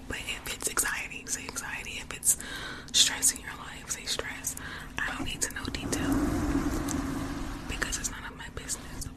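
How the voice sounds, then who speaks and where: A young woman whispering gently and repeating soft phrases as an ASMR live streamer. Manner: gentle, repetitive, soothing whispers.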